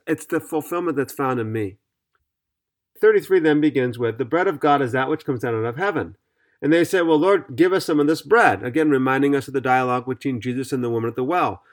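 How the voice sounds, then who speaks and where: A man's voice: mid-range voice, fast. A man teaching on a podcast Bible study, reading scripture aloud and explaining it in an earnest, methodical way.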